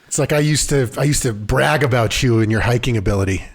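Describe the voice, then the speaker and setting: A man in his thirties co-hosting a podcast, telling stories in an animated casual chat. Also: medium pitch, fast. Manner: animated storyteller, acts out scenes. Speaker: podcast co-host.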